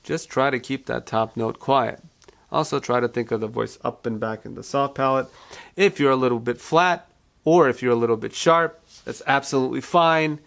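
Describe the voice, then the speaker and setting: A male vocal coach giving a calm, reassuring singing lesson and walking beginners through vocal exercises. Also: mid-range voice, moderate pace, vocal fry. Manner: calm, reassuring teaching with repeated phrases.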